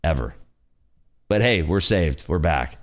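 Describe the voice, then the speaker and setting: A man's voice: sits low, expressive, a little slow. A man hosting a live day-trading stream, chatting in an upbeat, jokey way. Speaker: day-trading livestream host. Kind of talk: casual live commentary.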